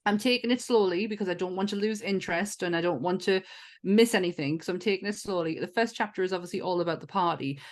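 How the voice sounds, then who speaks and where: A woman's voice: fairly low pitch, fast. A woman with a Northern English accent, co-hosting a casual podcast chat, chatty and laughing often. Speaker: podcast co-host.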